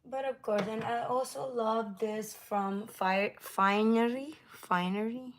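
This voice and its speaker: A woman hosting a casual livestream, chatting with viewers, laughing often and sometimes dropping into a soft whisper. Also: fairly high pitch, steady tone, slow. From United States. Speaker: livestream host.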